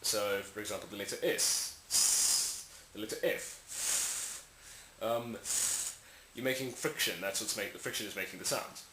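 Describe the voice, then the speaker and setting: This language tutorial maker talks a little fast, his fairly low voice carrying a sharp edge. He rambles casually through a lesson on speech sounds, saying each one aloud and fixing his own slips. There's echo and a faint hiss in the recording.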